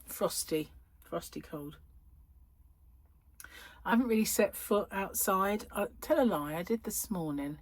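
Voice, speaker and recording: A woman's voice: medium pitch, animated, moderate pace, hardly any pauses. A middle-aged woman hosting a crochet channel, chatting casually at home, rambling and laughing often. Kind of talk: casual chat to camera. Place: at home, indoors.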